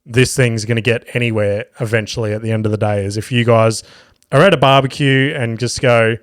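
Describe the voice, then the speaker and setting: A man's voice: medium pitch, steady tone, a little fast, no room sound, clean studio sound. A young man hosting a solo comedy podcast, rambling and sweary, telling stories with lots of restarts and self-mockery. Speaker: podcast host.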